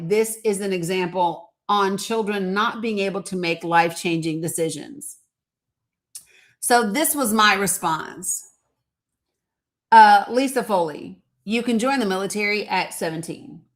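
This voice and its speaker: A woman's voice: medium pitch, a little slow. A woman hosting a commentary monologue, talking in a heated, blunt way, swearing and reading quotes aloud. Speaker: host.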